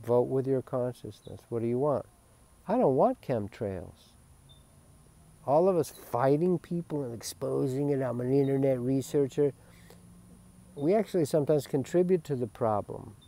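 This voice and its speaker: A man's voice: mid-range voice, lively intonation, normal speed. Emphatic rambling man giving spiritual talk. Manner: emphatic and rambling, swings from loud to hushed. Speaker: spiritual teacher. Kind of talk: spiritual webcast monologue.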